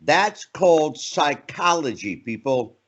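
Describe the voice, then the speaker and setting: A man's voice: fairly high pitch, animated, takes it slowly, fairly bright tone, lo-fi sound. A man hosting a podcast interview, chiming in with eager agreement and questions. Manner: short agreeing interjections, enthusiastic. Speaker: podcast host. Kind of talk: casual interview.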